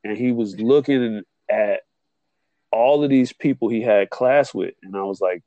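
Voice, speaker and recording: A man's voice: normal speed, no room sound. A man telling a college story in casual chat, acting out the people he quotes. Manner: animated, acts out quotes with jumps in pitch.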